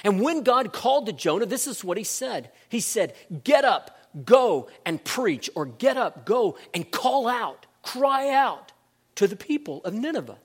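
High-voiced man preaching a sermon. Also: sing-song, normal speed, slightly rough. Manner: emphatic, rises in pitch and volume for dramatic scenes. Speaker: pastor. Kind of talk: sermon, scripture reading and teaching.

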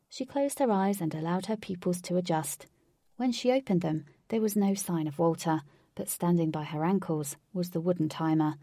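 Woman reading a story aloud, bit gravelly, dry sound, slightly off mic. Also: fairly low pitch, mellow, dry recording. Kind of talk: storybook narration.

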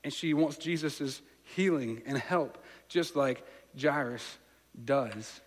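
Man, pastor, casual storytelling sermon, mid-pitched voice, long hall reverb. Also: slow pace. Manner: storytelling, conversational, asks listeners to imagine.

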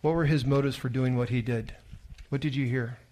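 A man reading a scripture lesson aloud in church and then leading a discussion, in a measured way. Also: mid-range voice, steady tone. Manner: measured, voices the crowd's shouts in the reading. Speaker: scripture reader and discussion leader.

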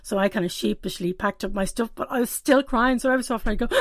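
A woman's voice: fairly high pitch, quick pace, dry recording. A middle-aged woman shares a personal reflection in a candid, self-deprecating way, often laughing at herself. Her voice sits close and dry on the mic, with no room sound around it. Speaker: weekly reflection presenter.

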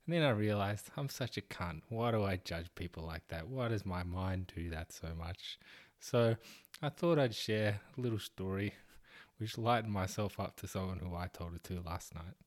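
A man's voice: low voice, moderate pace. A man hosting a podcast, telling a story in a casual, self-deprecating way and swearing freely. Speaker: podcast host.

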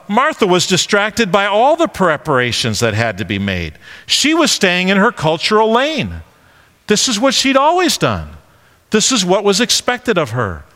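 A man preaching a conversational sermon, animated and full of questions. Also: sits high, in a large hall.

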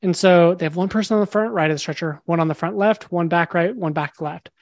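A man's voice: high voice, fast, no echo. A young man, a podcast guest, tells a story animatedly and acts out the dialogue. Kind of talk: storytelling in a casual interview.

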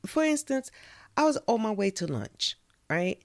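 A woman's voice: mid-range voice, very animated, moderate pace, vocal fry, no echo, studio quality. A woman from New York with a New York accent, reciting a spoken-word poem and then chatting casually, laughing often and saying "you know" a lot. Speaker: spoken-word poet and storyteller.

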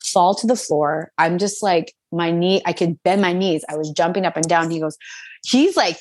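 Lively young woman sharing a faith testimony. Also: fairly low pitch, moderate pace, no echo. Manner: animated storytelling, acts out quotes, many fillers. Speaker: guest. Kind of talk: telling a personal faith testimony.

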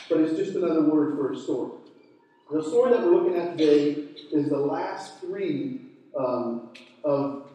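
A middle-aged man preaching a sermon, telling stories in a relaxed, conversational way with ordinary fillers. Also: fairly high pitch. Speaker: pastor. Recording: echoey hall, mic from far off.

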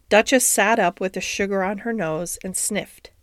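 A woman narrating a classic storybook in a gentle, expressive reading. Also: mid-range voice, moderate pace, hardly any pauses, no room sound, clean studio sound.

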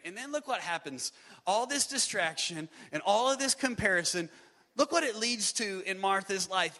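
A man's voice: sits high, pushed and bright. A middle-aged male pastor preaching a sermon to his church, acting out complaints in a raised voice. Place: church sanctuary. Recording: long reverb of a large hall.

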